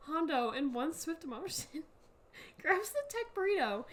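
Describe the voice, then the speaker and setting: A young woman co-hosting a casual podcast, reading a story aloud in halting bursts and laughing often. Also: high-pitched, animated. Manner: giggly, reads in halting bursts with frequent laughs. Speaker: podcast co-host.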